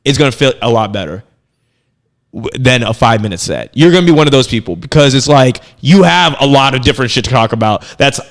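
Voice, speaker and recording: A man's voice: mid-range voice, lively intonation, fast. A man hosting a podcast, chatting casually and giving rambling, profane advice on stand-up comedy. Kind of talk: casual chat.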